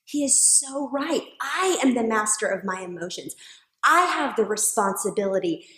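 A woman's voice: fairly high pitch, lively intonation, normal speed, pushed and bright. A woman co-hosting a faith-based conversation, earnest and emphatic, telling on herself. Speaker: co-host. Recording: echoey room.

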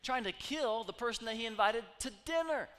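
A man preaching a sermon, telling stories with humor and swinging from loud bursts to hushed asides. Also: very high-pitched, fairly quick. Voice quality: animated, jokey storytelling with sudden loud bursts and hushed asides. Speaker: pastor. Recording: long reverb of a large hall.

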